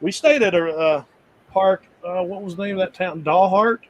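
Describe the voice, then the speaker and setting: A man's voice: sits high, normal speed, muffled recording. Easygoing man rambling about RV travel. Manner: rambling, restarts often, easygoing storytelling. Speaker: full-time RVer guest. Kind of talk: casual chat.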